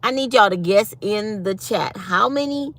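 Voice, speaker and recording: A woman's voice: mid-range voice, animated, a little slow, fairly bright tone. A woman, chatting to her viewers on a casual livestream and acting out what people said. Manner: chatty, talks to viewers as y'all, acts out quotes. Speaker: livestream host. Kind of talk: casual live-stream storytelling.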